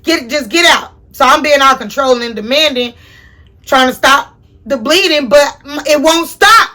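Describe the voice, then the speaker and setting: A young woman telling a personal story to her viewers in a casual, profane, animated way. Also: high-pitched, moderate pace. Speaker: storyteller host.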